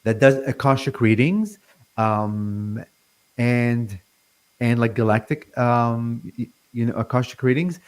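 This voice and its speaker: A man's voice: mid-range voice, takes it slowly. A man in his forties from Lebanon, a guest on an interview show, who stutters and leans heavily on fillers and restarts. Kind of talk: casual interview talk.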